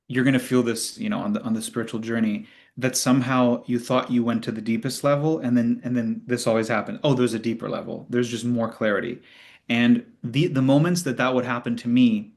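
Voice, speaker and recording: A man hosting a spiritual Q&A, teaching in an earnest, conversational way and acting out inner thoughts. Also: mid-range voice. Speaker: host of spiritual Q&A.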